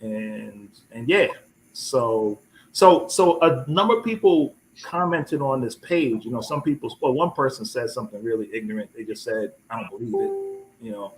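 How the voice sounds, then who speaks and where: A man's voice: medium pitch, moderate pace, a little hiss or hum, poor audio. Rambling man telling a story on a live chat. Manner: rambling, repeats words, animated when quoting. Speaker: host.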